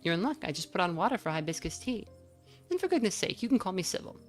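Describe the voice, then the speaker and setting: A gracious older lady speaks in low, unhurried tones, as a woman puts her on. Her phrasing is courteous and old-fashioned, with a secretive edge. Soft music plays faintly underneath. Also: very animated. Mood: genteel. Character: gentle older Southern woman, genteel and secretive.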